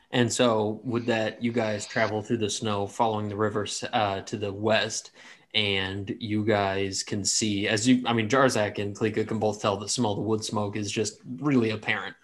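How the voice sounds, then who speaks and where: A man's voice: fairly low pitch, flat delivery, moderate pace, a bit bright. A man narrating a tabletop game as game master in a casual, rambling way with many fillers.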